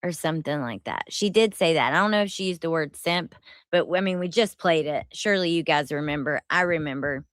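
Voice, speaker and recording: A woman's voice: low voice, fairly quick, no echo. A woman hosting a casual commentary stream, laughing a lot, swearing freely and rambling as she reacts. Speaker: streamer host. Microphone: headset.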